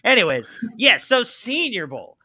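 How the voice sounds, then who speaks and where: Bright-voiced self-joking male podcast host. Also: high-pitched, sing-song, measured pace, breathy edge. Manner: self-deprecating, laughs easily. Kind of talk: casual football podcast talk.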